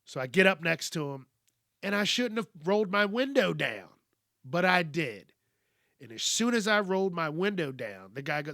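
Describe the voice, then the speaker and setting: A man hosts a podcast, spinning a casual story with a wry, profane edge. His voice sits a little high and has a forceful, bright ring. The sound is close and dry. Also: sing-song, normal speed, pauses often, dry recording. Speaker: podcast host.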